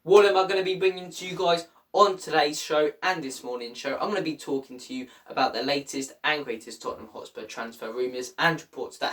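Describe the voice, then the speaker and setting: A man hosting a football fan channel, ranting angrily with exasperated outbursts. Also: distant mic. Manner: angry, exasperated, swings from low mutter to loud outbursts.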